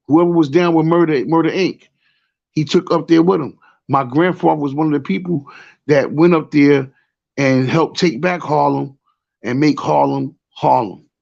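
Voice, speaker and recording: A man's voice: fairly high pitch, creaky, a little mellow, dull audio. A man with a New York accent telling a rambling story in casual talk, often repeating "you know what I'm saying.". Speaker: show host.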